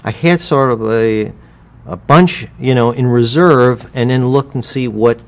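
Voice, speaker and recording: A man from the United States, a voice actor, chatting in a relaxed interview. He rambles and restarts often, with a middling voice, and breaks into short character voices as he remembers things. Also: medium pitch, a little slow. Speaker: guest voice actor. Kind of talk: casual interview.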